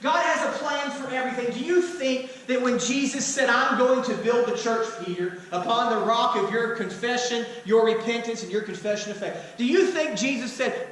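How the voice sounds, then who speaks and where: Preaching as pastor in a church sanctuary, a man fires off rhetorical questions with touches of humor. His voice is very high-pitched and fairly bright, at a moderate pace. The mic sits at a distance in an echoey hall, with slight background noise.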